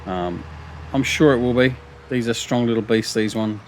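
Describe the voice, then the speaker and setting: With a medium-pitched voice at a normal speed, a middle-aged Australian man commentates casually on a farming game for his gaming channel. He rambles, fills space with ums and restarts, and jokes at his own expense over a little hiss or hum.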